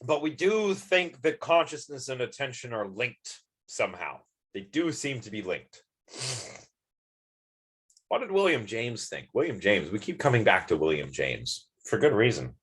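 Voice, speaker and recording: A man's voice: mid-range voice, big pitch swings, measured pace, fairly bright tone, slightly rough. Chatty, rambling male lecturer. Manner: chatty, rambling, many ums and restarts, sleepy yawns. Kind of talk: live-streamed university lecture.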